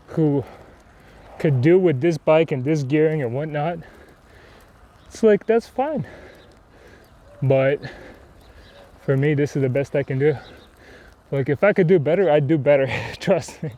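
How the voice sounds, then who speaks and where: A man's voice: a little high, mellow. A man chatting casually while riding a bike outdoors, rambling and self-deprecating, with many fillers. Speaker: cycling vlogger. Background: wind and faint traffic.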